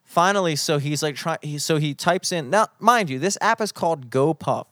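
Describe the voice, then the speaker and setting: A young man telling a story in casual chat, animated and profane, putting on mock outrage. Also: on the high side, moderate pace, no echo, studio quality.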